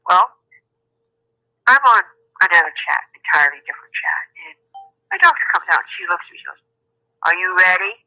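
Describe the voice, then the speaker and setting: A woman's voice: on the low side, fairly quick, long pauses, no echo. A woman caller telling a story in casual chat, acting out the people she quotes, heard over a phone line. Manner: animated, laughing, acts out quotes in many voices. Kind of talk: casual storytelling on a call-in show.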